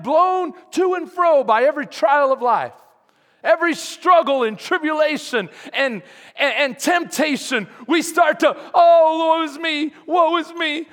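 High-voiced pastor preaching emphatically. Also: male voice, fairly bright tone. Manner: emphatic preaching, calls out to the congregation. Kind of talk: sermon. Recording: long hall reverb.

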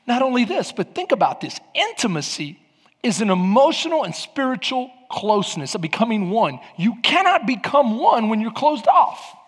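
A man preaching a sermon as pastor, animated, swinging from loud emphatic bursts to low quiet passages. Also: moderate pace, breathy edge. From Latin American heritage. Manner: animated, rises to near shouts then drops low. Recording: hall reverb.

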